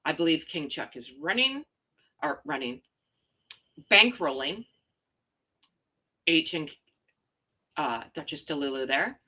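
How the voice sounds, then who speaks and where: Woman host, casual sarcastic rant, bright forceful tone, gossip stream. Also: low-pitched, takes it slowly, long pauses, husky. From Canada. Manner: sarcastic, ranting, animated. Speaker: royal gossip livestream host. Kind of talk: casual chat reading viewer comments.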